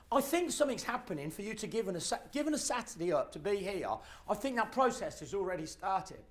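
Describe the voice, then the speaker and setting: A middle-aged man, giving a live motivational talk and telling stories with acted-out voices and shouts. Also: sits high. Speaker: motivational speaker.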